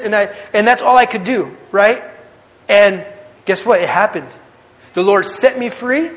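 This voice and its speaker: Young guy preaching to the youth, high voice, loose slangy storytelling, echo hanging in a big hall. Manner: casual, animated storytelling with slang. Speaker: youth speaker. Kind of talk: testimony sermon. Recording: long hall reverb.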